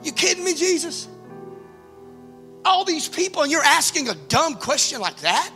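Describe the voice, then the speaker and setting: A man's voice: very high voice, expressive, fast, a bit bright, long reverb tail, soft background music. A man voicing a snarky, brash male disciple who scoffs at a question. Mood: incredulous. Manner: mocking, incredulous.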